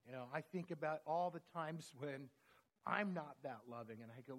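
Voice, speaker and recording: A man's voice: fairly high pitch, normal speed, a bit bright. A man preaching a sermon, telling stories in an earnest, conversational way.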